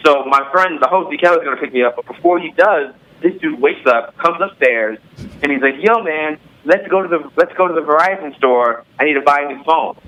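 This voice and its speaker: A male podcast voice telling an outrageous story with animated, profane energy and acting out the people in it. His tone is sharp and forceful, and it sits slightly high. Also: brisk, lo-fi sound. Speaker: podcast guest or co-host.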